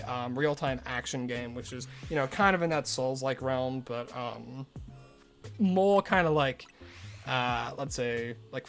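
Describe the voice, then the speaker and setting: A male streamer chatting casually on a live stream, rambling and loose, full of "like" and restarts, with soft game music behind him. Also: medium pitch.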